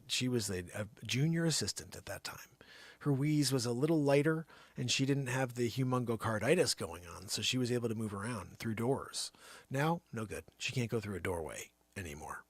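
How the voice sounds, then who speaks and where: A man hosting his own livestream and riffing an improvised comedy bit, lurching from loud outbursts down to near-whispers. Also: lowish voice, expressive, moderate pace, breathy edge, no room sound. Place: home studio.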